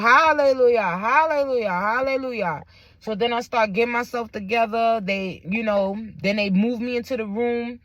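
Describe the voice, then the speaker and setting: A woman's voice: on the high side, dry recording. A young woman tells a personal story, emphatic and blunt. The recording is dry and close. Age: young adult. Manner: candid, emphatic, slangy with faith phrases.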